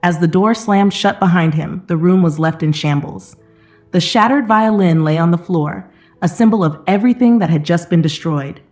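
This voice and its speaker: A woman with a low voice narrates a scripted drama at a slow, even pace. Her delivery stays measured and dramatic. Soft music plays faintly underneath. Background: soft background music.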